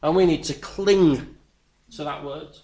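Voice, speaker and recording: A man's voice: a little high, a little slow, mellow. A man preaching a sermon, earnest and emphatic, repeating words as he builds his points.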